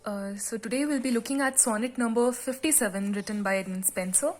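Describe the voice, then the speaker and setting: A woman teacher explaining a sonnet's meter and rhyme scheme in a slow classroom lesson, with frequent pauses and fillers. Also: a little high, a little mellow. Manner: reads the poem aloud slowly with extra stress. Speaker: literature teacher.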